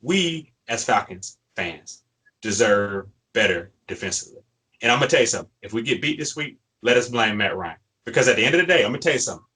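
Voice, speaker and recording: A man co-hosting a fan show, plainly worked up and ranting. He presses his points with repeated phrases and a bright, forceful tone. His voice carries a husky grain. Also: medium pitch, animated, quick pace, low-quality recording. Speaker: sports podcast co-host. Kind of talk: fired-up fan commentary.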